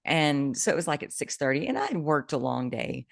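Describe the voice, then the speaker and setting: Low-voiced woman telling an animated story. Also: brisk, vocal fry, no echo, studio quality. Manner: animated storytelling, bursts of excitement. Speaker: podcast co-host, coach. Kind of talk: casual chat.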